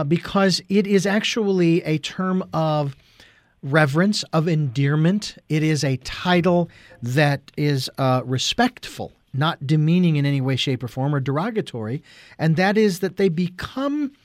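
A male interview host asks long, winding questions, often restarting and hesitating before he gets to the point. His voice sits a little higher than most men's. The sound is dry and close, with no room echo. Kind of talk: interview conversation.

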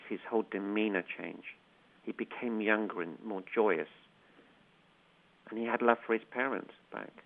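Middle-aged male guest, earnest and emotional, gravelly low voice heard over a phone line. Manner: earnest, emotional, repeats words for emphasis. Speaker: guest, inspirational coach. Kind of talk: heartfelt storytelling interview.

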